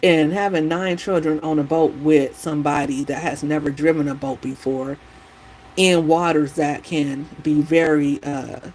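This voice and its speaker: A woman vlogger in a casual chat while doing her hair, retelling things in a rambling, opinionated, animated way. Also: deep voice, measured pace, a little hiss or hum, low-quality recording.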